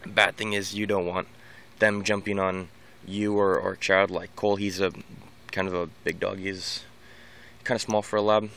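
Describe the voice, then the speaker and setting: Deep, gravelly male vlogger; loose rambling delivery full of restarts; faint background hiss. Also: fairly bright tone. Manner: rambling, many restarts and repeated words. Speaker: dog owner giving training tips. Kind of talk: casual unscripted vlog monologue.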